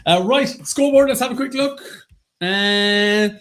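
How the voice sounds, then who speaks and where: A man's voice: high voice, fairly bright tone. A man hosting a casual live online quiz, joking and reading out scores. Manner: joking, quick banter, reads out scores. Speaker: quiz host.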